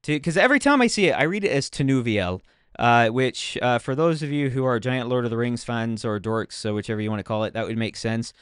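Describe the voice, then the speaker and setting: Male streamer, self-mocking running commentary, smooth voice, dry close sound. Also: medium pitch, animated, brisk, hardly any pauses, fairly bright tone, no room sound. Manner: chatty, self-mocking, talks to himself while playing. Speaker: game streamer. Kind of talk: casual gameplay commentary.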